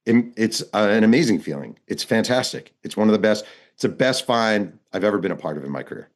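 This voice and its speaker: A male author being interviewed, telling his reporting stories in a lively, narrative way and acting out the people he quotes. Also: lowish voice, quick pace. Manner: vivid narrator, acts out quoted dialogue. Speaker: author and guest. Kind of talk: storytelling interview answers.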